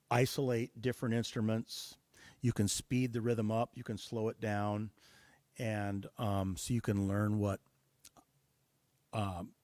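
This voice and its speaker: A man from the United States, a guest musician talking in a relaxed interview, thoughtful and pausing often with fillers. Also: on the low side, no echo. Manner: thoughtful, many hesitations and fillers. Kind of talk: casual interview talk.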